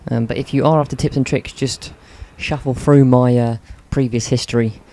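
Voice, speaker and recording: A man's voice: medium pitch, fairly even intonation, moderate pace, warm tone, slight background noise. A man giving casual, rambling commentary over video game play, with lots of ums and self-corrections. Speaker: gaming commentator.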